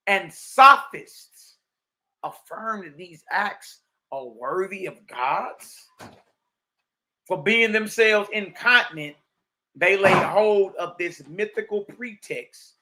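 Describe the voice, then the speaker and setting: Male Bible teacher, high-pitched, emphatic street-style preacher reading texts aloud. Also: sharp tone. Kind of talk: livestreamed religious teaching.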